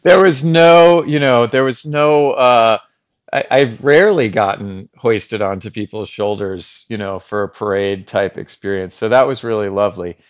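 A man chatting as a comedy guest, rambling and giggly, with lots of halting restarts. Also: on the low side, muffled recording. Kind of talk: casual improv chat.

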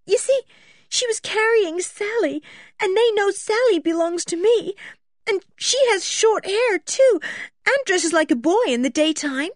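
A woman's voice: normal speed, few pauses, no echo, clean studio sound, close to an everyday voice. A woman voicing a tearful, frightened young girl in a storybook reading. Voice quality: high and strained.

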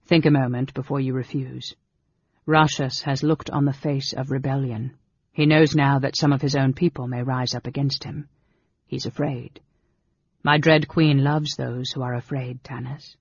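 A man voicing a cool, sly male dark elf wizard in an audiobook, speaking softly, low and offhand. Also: flat delivery, moderate pace, breathy edge, dry recording. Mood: sly, calm. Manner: coolly offhand, knowing. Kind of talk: audiobook character reading. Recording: dull lo-fi recording.

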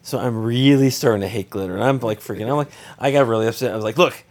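Brief: man, 30s, casual story, exasperated and joking, mid-pitched, animated. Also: quick pace. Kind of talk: casual anecdote.

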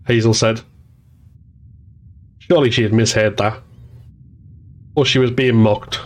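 A man narrating an audiobook in an even, measured storytelling voice. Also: medium pitch.

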